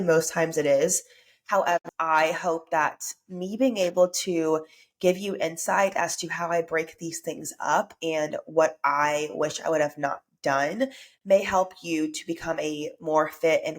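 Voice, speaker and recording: A woman hosting a solo motivational podcast, speaking in an upbeat, earnest way while congested with a stuffy nose and sore throat. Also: low voice. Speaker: podcast host.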